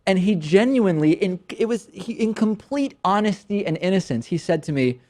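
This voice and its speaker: A man's voice: high voice, animated, normal speed, darkish tone. A man from Massachusetts, hosting a talk show and answering audience questions in a conversational way, telling stories with frequent restarts.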